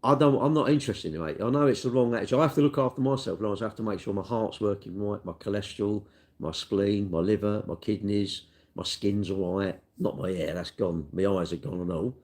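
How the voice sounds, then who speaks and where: A man's voice: on the low side, brisk, a little mellow. A middle-aged man, a car dealer chatting casually on a live stream and answering viewer comments in a rambling way. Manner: chatty, rambling, tag questions like "innit".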